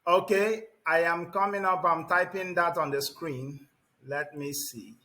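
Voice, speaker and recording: A man teaching English pronunciation to a class, repeating words slowly and emphatically and calling on students by name. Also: a little high, steady tone, pushed and bright. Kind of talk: classroom lesson.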